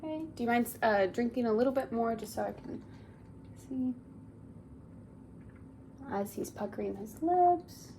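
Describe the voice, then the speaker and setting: A woman's voice: a little high, expressive, unhurried, gravelly, pauses often, warm tone, a little hiss or hum. A young woman giving a clinical exam, giving polite step-by-step instructions and often saying "awesome". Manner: polite, encouraging, repeats "awesome". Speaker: speech therapy student examiner.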